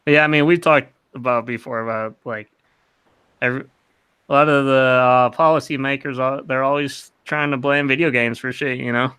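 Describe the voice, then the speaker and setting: A man's voice: mid-range voice, fairly even intonation, normal speed, sharp tone, smooth. A man co-hosting a casual tech podcast, reading news items aloud in a profane, offhand way.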